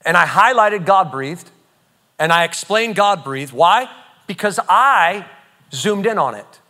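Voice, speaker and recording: A man preaching a sermon, emphatic and animated, often repeating phrases as he teaches. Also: sits high, slow pace. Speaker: pastor.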